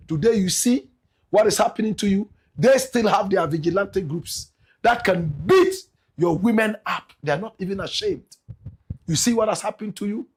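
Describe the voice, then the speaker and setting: Ghanaian man, political commentator, high husky voice, swings wide in pitch, emphatic. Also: expressive, normal speed. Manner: emphatic, repeats "my brother, my sister", bursts into shouts.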